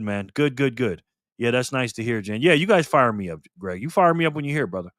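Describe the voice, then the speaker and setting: An older man hosts a livestream alone at his desk, speaking into a desk mic facing a camera, upbeat as he greets viewers by name and thanks them for donations in casual chat. His mid-range voice is a bit bright, and the clean studio sound has no room noise.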